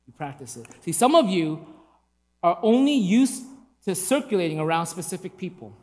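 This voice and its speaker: A preacher with a mid-range, slightly mellow voice delivers an emphatic sermon, posing rhetorical questions to the congregation. The recording carries a long hall reverb.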